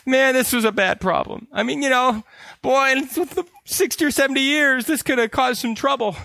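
A man putting on the voice of a gushing, overly grateful man who has just been caught in wrongdoing, talking high and effusively. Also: moderate pace, gravelly, sharp tone, no echo, heavily acted. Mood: gushing relief.

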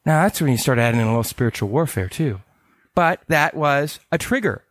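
A man's voice: medium pitch, expressive, a bit bright, dry recording. Conversational man from California. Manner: conversational, acts out dialogue with quick voice changes. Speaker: conference speaker, counselor. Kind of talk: conference presentation.

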